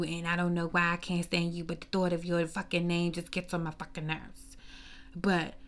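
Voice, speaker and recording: A woman ranting in a casual, profane gossip monologue, sassy and animated, with lots of rhetorical questions. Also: on the low side, moderate pace. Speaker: commentator. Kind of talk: casual celebrity gossip rant.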